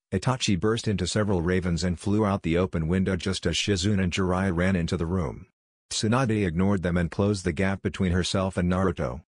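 A man narrating a fan-fiction story aloud in an even, unhurried reading. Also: low-pitched, no room sound, studio quality.

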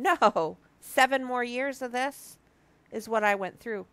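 A woman in her fifties, early fifties to be exact, speaks in a smooth, somewhat bright, higher-pitched voice at a slow pace. A marriage ministry speaker, she delivers an earnest, confessional devotional talk to her viewers, teary and near tears, frequently starting her sentences over.

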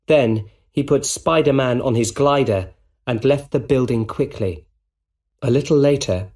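Man narrating slowly and deliberately. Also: medium pitch, darkish tone. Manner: plain and deliberate. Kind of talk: slow scripted narration for English learners.

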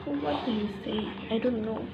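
A woman's voice: on the high side, normal speed, lo-fi sound. A young woman, chatting bluntly and teasing her brother on a casual eating vlog. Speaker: vlogger's sister. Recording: loud background noise.

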